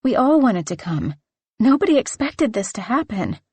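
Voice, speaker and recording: A woman's voice: a little high, very animated, normal speed, a little mellow, slightly rough, dry recording, voice pushed up. Woman doing a hesitant young research assistant, lifting her questions. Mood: nervous, reasoning. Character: young female research assistant, reasoning nervously.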